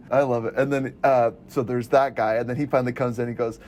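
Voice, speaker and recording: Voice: medium pitch, fairly even intonation, a little fast, a little mellow, slight background noise. A co-host chatting casually about a favorite film, gushing and giggling often. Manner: giggly, gushing, acts out quotes.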